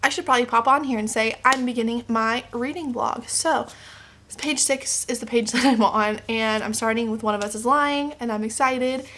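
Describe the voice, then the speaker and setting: A woman's voice: on the high side, steady tone, moderate pace, fairly bright tone, slight background noise. A young woman talking casually at home in a reading vlog, chatty and self-deprecating, often laughing. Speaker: book vlogger. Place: home, kitchen table by a window. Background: washer and dryer running.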